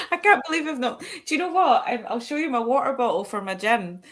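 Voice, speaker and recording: A woman's voice: high voice, expressive, moderate pace, crowd noise. A Scottish woman, a podcast guest, chatting casually on a video call, often restarting her sentences and laughing easily. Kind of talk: casual chat.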